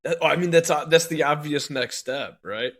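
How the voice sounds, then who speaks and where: On a podcast he co-hosts, a man with a bright, fairly high voice goes on a furious, profane rant at normal speed. Nearly every sentence has a swear in it, and he laughs between outbursts.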